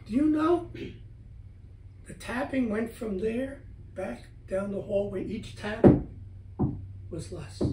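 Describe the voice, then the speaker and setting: A man's voice: high-pitched, slight background noise. A middle-aged man, a guest author talking at home in a casual interview, animatedly telling stories and acting out what he said. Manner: animated storyteller, acts out his own words. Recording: roomy, from a distance, faint ambience.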